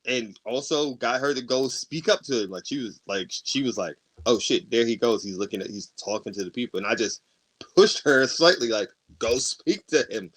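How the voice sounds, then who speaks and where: A man's voice: medium pitch, expressive, moderate pace, fairly bright tone, slightly rough. A man co-hosting a podcast, telling a long personal story in casual chat, acting out the arguments and laughing often. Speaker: podcast co-host.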